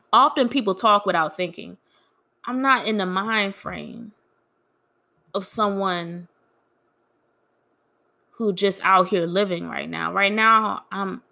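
Bright-voiced grieving woman venting. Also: mid-range voice, creaky. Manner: candid, frank, quietly aggrieved. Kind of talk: casual personal storytelling.

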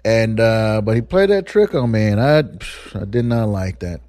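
A man's voice: on the low side, expressive, moderate pace, mellow, dry recording. A man hosting a solo podcast, talking in a rambling, candid way and swearing freely. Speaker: podcast host. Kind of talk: casual solo podcast monologue.

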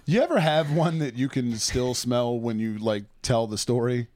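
A man's voice: medium pitch, normal speed, darkish tone. A young man co-hosting a podcast in casual chat, joking and swearing freely. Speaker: podcast co-host.

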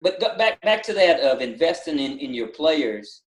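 A middle-aged man with a Southern country accent, a basketball coach and former drill instructor, talking in a casual podcast interview with many halting restarts. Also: a little high, big pitch swings, roomy sound, rough recording. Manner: halting, repeats words, many fillers.

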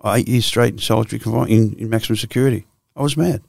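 An Australian man in his sixties tells his story as a guest, swearing freely and restarting his sentences. His low voice has a gravelly edge, and it sounds close and dry with no room echo. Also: steady tone, very fast, a little mellow. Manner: blunt, profane storytelling with frequent restarts. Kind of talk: candid storytelling interview.

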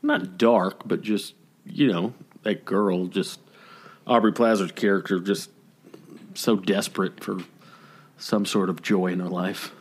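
A man's voice: deep voice, fairly even intonation, unhurried, breathy edge. A man co-hosting a podcast, talking casually and opinionatedly about films. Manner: laid-back, opinionated film talk. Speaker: podcast co-host. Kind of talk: casual chat.

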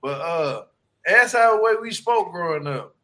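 A man's voice: high voice, lively intonation, measured pace, bright, forceful tone. A man from Louisiana with a Shreveport accent, chatting casually, laughing often and swearing freely. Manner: laughs often, loose and profane. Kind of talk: casual chat.

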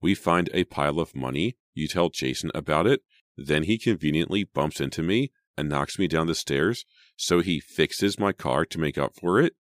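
A man's voice: rumbling low, animated, normal speed, no room sound, clean studio sound. A man voicing a frightened, bitter teenage girl in an audiobook, speaking grimly and insistently. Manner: grim and insistent. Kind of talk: audiobook character voice.

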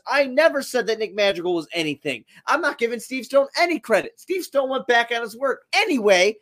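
A man's voice: very high-pitched, big pitch swings, a little fast, few pauses, a bit bright. A man co-hosting a casual sports podcast, talking in a heated, profane, jokey way. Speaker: podcast co-host.

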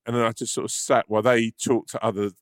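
A man's voice: mid-range voice, level tone, fast, no room sound, clean studio sound. A man from London telling a long, rambling story in casual chat, swearing freely and restarting sentences often. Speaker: podcast co-host.

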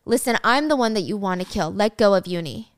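A woman's voice: medium pitch, brisk, dry recording, clean studio sound, natural voice. Woman doing a cold, fearless schoolgirl. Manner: flat, calm, unafraid.

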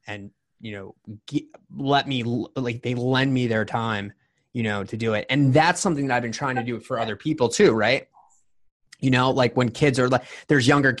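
Brief: forties male podcast host, mid-pitched, candid and rambling. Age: 40s. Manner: candid, rambling storytelling with many restarts. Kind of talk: casual interview chat.

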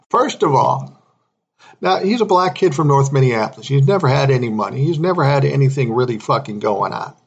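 A man's voice: medium pitch, normal speed, vocal fry, husky, highs cut off. A middle-aged man, a music manager, telling a profane story casually, laughing often and acting out what others said. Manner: profane, animated, laughs often, acts out other people's lines.

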